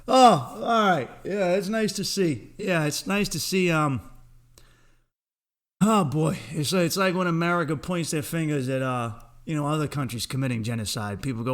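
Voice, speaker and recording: A man's voice: on the high side, normal speed, fairly bright tone. A man in his thirties hosting a podcast, ranting alone in a comedic way, swearing freely and laughing at his own jokes. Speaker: podcast host. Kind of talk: solo comedic rant.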